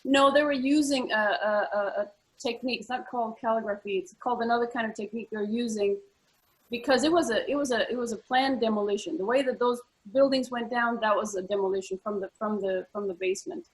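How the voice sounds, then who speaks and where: Earnest woman chatting, slightly high voice. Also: fast, rough recording. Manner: earnest, repeats words often, many fillers. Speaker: co-host. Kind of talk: casual conversational chat.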